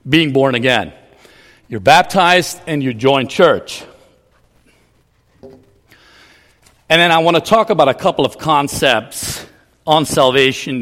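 A man's voice: mid-range voice, a bit bright, big-room sound. A man preaching a teaching sermon, explaining ideas in a loose way with frequent restarts.

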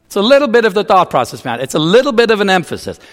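A man's voice: high voice, big pitch swings, racing, fairly bright tone, in a large hall. A man preaching a teaching sermon, explaining ideas in a loose way with frequent restarts.

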